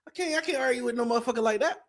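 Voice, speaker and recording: High-voiced man ranting on a podcast. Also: rapid-fire. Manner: animated, profane, rhetorical questions. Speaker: podcast co-host. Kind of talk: casual political commentary.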